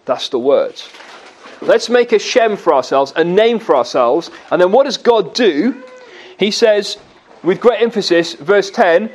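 High-voiced man preaching. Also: expressive, measured pace. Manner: teaching, asks the congregation questions. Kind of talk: sermon.

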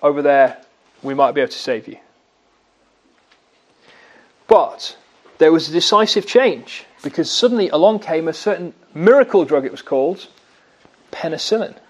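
Man preaching a sermon, high voice, earnest, big swings up and down. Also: animated, a little fast. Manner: earnest, with dramatic swings in pitch and volume.

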